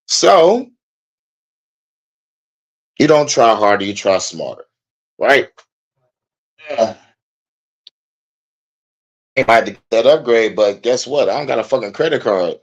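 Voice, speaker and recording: Young male streamer, casual and cussing, animated frustrated rant. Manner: profane, animated, frustrated venting with swings in pitch and loudness. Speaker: podcast host.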